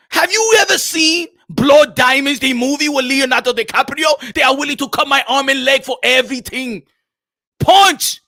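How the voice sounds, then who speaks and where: A man doing a comedic impression of a boastful, indignant African male boxer, with a put-on African accent, shouting and sing-song in his complaints. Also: extremely high pitch, dry recording, studio quality, voice pushed up, full character voice.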